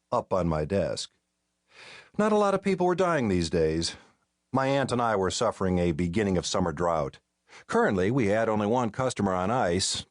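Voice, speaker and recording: A man narrating a mystery audiobook in the first person, with a wry, deadpan way of telling the story, on a close studio mic. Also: fairly low pitch, dry recording.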